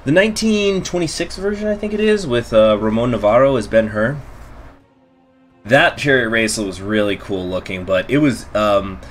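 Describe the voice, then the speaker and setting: A man's voice: mid-range voice, normal speed, soft background music. A man hosting a strategy game let's play, casually thinking aloud as he plays and chats. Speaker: gaming channel host.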